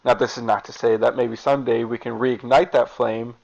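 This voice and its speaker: A man's voice: mid-range voice, little pitch movement, a little fast, vocal fry, darkish tone. A man voicing a gracious veteran female wrestler offering congratulations. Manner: friendly, congratulatory. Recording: dull lo-fi recording.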